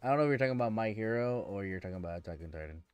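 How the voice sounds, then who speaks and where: A man's voice: fairly low pitch, expressive, very fast, smooth, no room sound, faint music behind. A man streaming and chatting casually with viewers, ranting in an exasperated way and often restarting his sentences.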